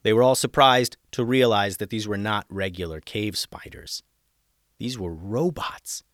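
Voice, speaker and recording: Male storyteller host, expressive read-aloud, dry studio sound. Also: lowish voice, measured pace, no echo. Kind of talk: children's story narration.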